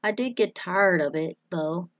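A woman's voice: on the low side, unhurried, no room sound, natural voice. An earnest, polite young boy who sounds a little apologetic, as a woman reads him. His voice stays mild and plain. The recording is dry.

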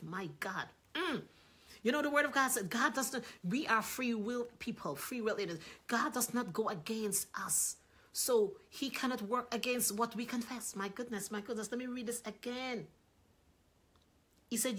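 A woman preaching a sermon, reading aloud from a book and acting out the voices in it, often rising loud and excited. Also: fairly high pitch, normal speed, slightly rough.

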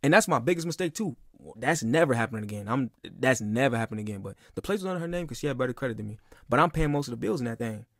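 A man's voice: mid-range voice, animated, very fast, hardly any pauses, no echo, studio quality. A man in his twenties venting in a casual, emphatic, profane monologue that keeps circling back on itself. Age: 20s. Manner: emphatic, profane, repeats himself. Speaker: podcast guest.

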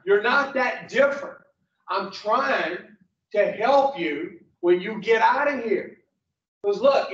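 A man teaching a recovery program class in a blunt, profane, joking way, telling folksy stories. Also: sits high. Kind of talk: folksy storytelling lesson. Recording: distant, roomy, muffled.

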